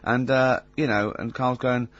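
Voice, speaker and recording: A man's voice: medium pitch, steady tone, unhurried, a bit bright, no room sound. A man hosting a comedy radio show, mocking and storytelling with lots of giggling. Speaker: radio host. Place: radio studio. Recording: slightly dull radio studio sound.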